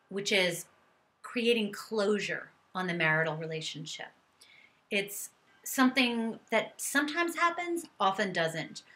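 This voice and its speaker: A woman's voice: medium pitch, bright, forceful tone. A middle-aged woman therapist giving earnest, coaching advice straight to her viewers and sometimes voicing angry statements as examples. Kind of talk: direct-to-camera advice talk.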